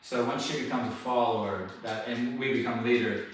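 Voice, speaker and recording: A man teaching dog training, explaining calmly and switching to high coaxing praise for the dog. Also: normal speed. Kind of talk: hands-on training lesson. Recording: very echoey, distant mic, faint noise.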